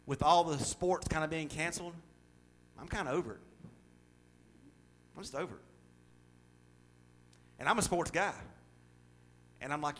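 A middle-aged man preaching a sermon, swinging between loud emphatic stretches and quiet, confiding asides. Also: fairly high pitch, moderate pace, pauses often, a little hiss or hum.

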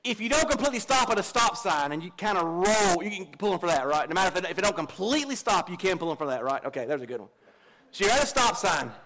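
A man's voice: high voice, sing-song, fast, fairly bright tone. A middle-aged man, a pastor preaching a folksy, confessional sermon and joking with his congregation. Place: church.

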